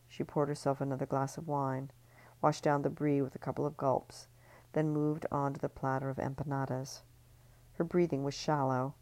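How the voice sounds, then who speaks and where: A woman with a strikingly low voice reads her novel aloud. She keeps a calm, measured pace. Now and then she stumbles and restarts a word. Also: no echo. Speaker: author reading her novel. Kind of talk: audiobook-style novel reading.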